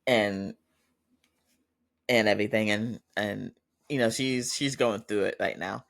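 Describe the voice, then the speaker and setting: A man's voice: fairly low pitch, unhurried, vocal fry, a bit bright. A man hosting a podcast, giving a chatty casual recap and quoting characters in his own voice. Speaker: podcast host.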